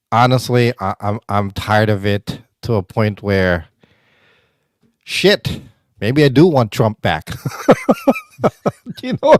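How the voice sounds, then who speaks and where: A man's voice: fairly low pitch, takes it slowly, pauses often, clean tone, no room sound, studio quality. A man in his fifties from the Philippines, co-hosting a casual podcast over a video call, joking and laughing often. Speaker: podcast co-host. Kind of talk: casual chat.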